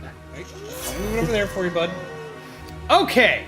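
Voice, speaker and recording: Goofy male game streamer, high and very animated, with game music under him. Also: normal speed. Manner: excitable, goofy, talks to his pet bird. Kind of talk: casual livestream chat.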